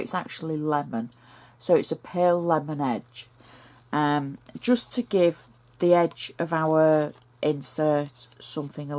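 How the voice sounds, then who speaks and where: A woman's voice: low-pitched, darkish tone. A woman with a northern English accent talking through a card-making project step by step in a chatty, homely way. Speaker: crafter demonstrating a card project. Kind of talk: step-by-step craft tutorial.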